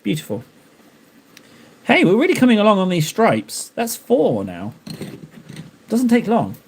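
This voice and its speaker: A man from Cornwall chats casually with his viewers as he paints miniatures. He rambles and jokes, and his voice rises and falls freely in a fairly high register. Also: huge pitch swings, a little slow, slight background noise. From Cornwall, England. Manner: jokey, rambling, talks to chat. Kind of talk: casual live-stream chat.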